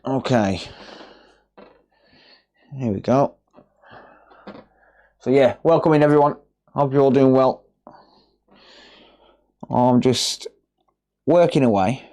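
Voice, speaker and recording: This West Midlands man, regional accent and all, talks slowly in a medium-pitched voice, pausing often. While he handles repairs on his live stream, he chats casually and easily with viewers, greeting them by name.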